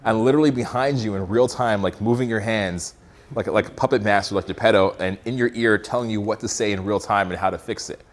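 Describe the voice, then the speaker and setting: A man's voice: fairly low pitch, quick pace. A man coaching in person, talking casually and with swearing, often acting out sample lines of dialogue. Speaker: social skills coach. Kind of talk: live in-person coaching demonstration.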